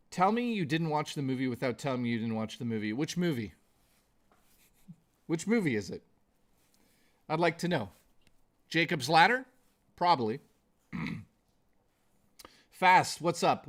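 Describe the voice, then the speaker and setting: A man's voice: fairly high pitch, lively intonation, a little slow, long pauses. A man hosting a live stream in a jokey, rambling way, greeting chat viewers by name.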